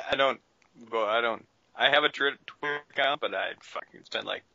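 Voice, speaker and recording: Very bright-toned wry man. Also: medium pitch, moderate pace, vocal fry, no room sound. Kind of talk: casual chat. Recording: dull lo-fi sound.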